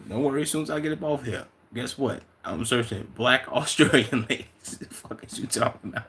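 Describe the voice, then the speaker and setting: A young man from Chicago, a livestreamer reading out and answering chat in loose, profane, excitable banter. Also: medium pitch, normal speed.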